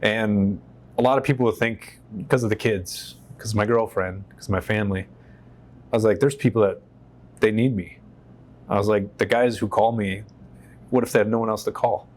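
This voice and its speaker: A man from the United States, a veteran guest, telling his story in an interview in an animated, profane way and acting out what people said. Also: lowish voice, normal speed. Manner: animated, profane, acts out quotes. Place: on a stage in a shop.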